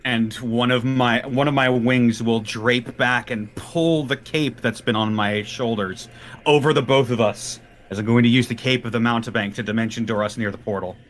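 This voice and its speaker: A man's voice: mid-range voice, steady tone, moderate pace, fairly bright tone, a little hiss or hum. A man playing a tabletop role-playing game, chatting casually and laughing a lot as he describes his character's actions. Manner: laughing, playful. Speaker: player.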